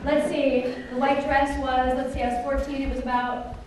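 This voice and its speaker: A middle-aged woman telling a personal story to a conference audience, animated and often asking the listeners questions. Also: sits high, moderate pace, recorded from a distance, very noisy. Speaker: conference speaker. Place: large conference hall. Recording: echoey hall, voice picked up from afar.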